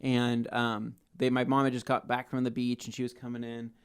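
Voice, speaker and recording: A podcast co-host acts out the people in a long story he's telling during casual chat, voicing their quotes with animation. His mid-range voice is clear and resonant at normal speed.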